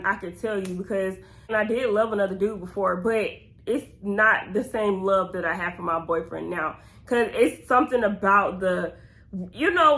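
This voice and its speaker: A woman's voice: mid-range voice, a bit bright. Chatty young woman with a Georgia accent. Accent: Southern US (Georgia). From Georgia, USA. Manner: chatty and rambling, drifts off on tangents. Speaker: YouTuber. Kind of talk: casual Q&A vlog.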